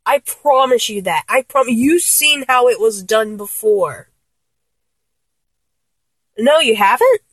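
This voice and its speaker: Lively, slow-talking young woman, close and dry. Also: husky, no echo. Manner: breathless, giddy, swings from low murmurs to high squeals. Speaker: audio role-play performer. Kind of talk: intimate one-sided audio role-play.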